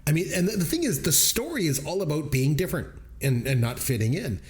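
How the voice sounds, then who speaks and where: A man co-hosting a movie review podcast, telling stories in an animated way and laughing often. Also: fairly high pitch, fast. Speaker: podcast co-host. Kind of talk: casual movie review chat.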